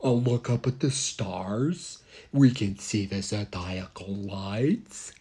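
A man putting on a rambling older male astronaut who talks slowly and keeps repeating words. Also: on the low side, mellow, husky. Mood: dreamy. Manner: slow, halting, repeats words.

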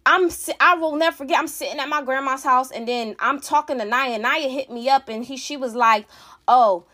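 A woman in her thirties with a high voice tells her side of a family fight, heated and cursing freely. She rambles and restarts her sentences as she talks things through. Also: brisk, bright, forceful tone. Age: 30s. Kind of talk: emotional storytime rant.

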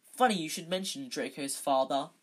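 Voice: medium pitch, moderate pace, natural voice. An amateur reader voicing a smug, hulking teenage boy rival captain with a sly, taunting manner.

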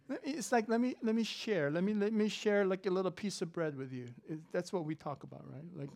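A woman preaching a sermon, moving between soft conversational asides and loud, emphatic passages. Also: mid-range voice, moderate pace. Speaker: professor.

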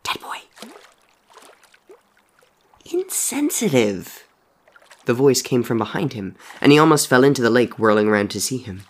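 A man reading a story aloud in an even, measured way, often softly spoken. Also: mid-range voice. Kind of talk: storybook narration.

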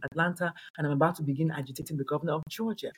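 Emphatic husky-voiced woman. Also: low voice, steady tone, rapid-fire. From Nigeria. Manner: emphatic, repeats phrases for effect. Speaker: pediatrician and coach, guest. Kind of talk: animated interview talk.

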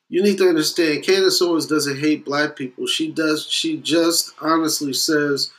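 A man of West Indian heritage delivering a blunt, profane opinion rant, with loud emphatic bursts and muttered asides. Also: on the high side, steady tone, normal speed, few pauses. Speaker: commentator.

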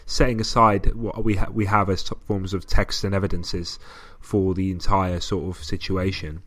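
A man's voice: low voice, level tone, normal speed, a bit bright. A young man, chatting and laughing as a podcast co-host on a remote call. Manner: chatty, laughs often, digresses. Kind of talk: casual chat.

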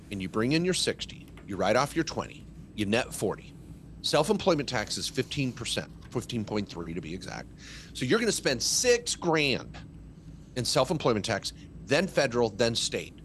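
A man's voice: mid-range voice, moderate pace, a little hiss or hum. A middle-aged man, a tax lawyer guest, talking in casual podcast chat and telling stories with emphasis. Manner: animated, emphatic storytelling.

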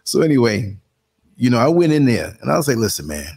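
A man in his sixties with a New York accent, hosting a live show and chatting casually, telling animated stories and acting out quotes in a higher voice. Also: quick pace, gravelly, slightly rough. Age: 60s. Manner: animated storyteller, acts out quotes in a higher voice, laughs often. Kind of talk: casual live-stream chat.

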